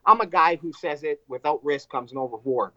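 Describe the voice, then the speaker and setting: A man, a fighter, telling a fight story in casual chat, animated and profane, acting out what people said. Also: fairly high pitch, moderate pace, no echo, highs cut off. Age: adult with wife and two kids. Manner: animated, profane, acts out quotes.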